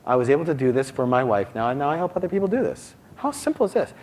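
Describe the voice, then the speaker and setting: Man, middle-aged, live seminar teacher, lively, questions the audience a lot. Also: medium pitch, fast, slight background noise. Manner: animated, asks the audience constant questions. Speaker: seminar speaker.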